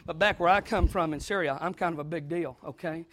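Proud, hot-tempered commander voiced by a preacher mid-sermon, swaggering and self-important. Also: male voice, on the high side, a little fast, fairly bright tone, pitched below the performer's own voice, natural voice. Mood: boastful. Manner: swaggering, casual talk turning to indignant ranting. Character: proud boastful male army commander, quick-tempered.

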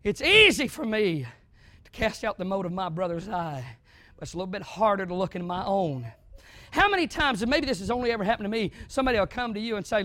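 High-voiced preacher swinging hushed to shouting. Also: male voice, expressive, a little fast, dry recording. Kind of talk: sermon.

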